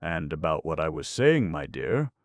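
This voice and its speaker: A man voicing a scheming old male fence in an audiobook, wheedling with a croaking voice. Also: very deep voice, very animated, moderate pace, dry recording. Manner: wheedling, flares into shouting rage. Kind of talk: audiobook character voice.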